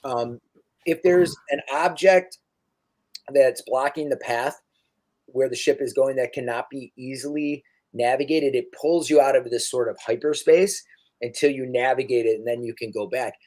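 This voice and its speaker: A young man narrating as dungeon master in a relaxed, halting way with many fillers. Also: medium pitch. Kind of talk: narrating a tabletop game.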